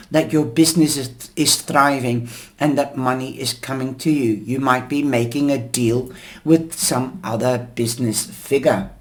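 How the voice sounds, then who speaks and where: Slow, hoarse male tea leaf reader. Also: mid-range voice, steady tone. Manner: unhurried, explanatory, many pauses and fillers. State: losing his voice, coughing. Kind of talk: slow reading of tea leaves.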